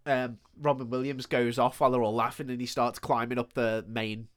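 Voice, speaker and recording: A man's voice: medium pitch, flat delivery, brisk, dry recording, clean studio sound. A man co-hosting a podcast, recapping a film scene by scene in casual chat, swearing freely and acting out lines. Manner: sweary, laughs a lot, acts out quotes. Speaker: podcast co-host.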